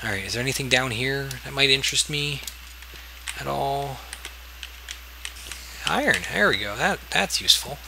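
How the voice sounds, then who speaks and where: A man of middle pitch chatting to himself as he plays, drifting from mumbled asides to sudden startled yelps. A steady hiss of noise sits under his voice throughout. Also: normal speed, creaky, pauses often. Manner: rambling self-talk, yelps and exclaims when attacked. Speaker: gaming video host. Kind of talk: casual let's-play commentary.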